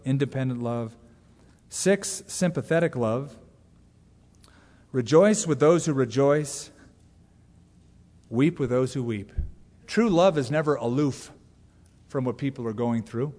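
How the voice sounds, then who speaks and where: A middle-aged man preaching a sermon as pastor, talking conversationally with sudden loud asides. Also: mid-range voice. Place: church sanctuary. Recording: long hall reverb from a church.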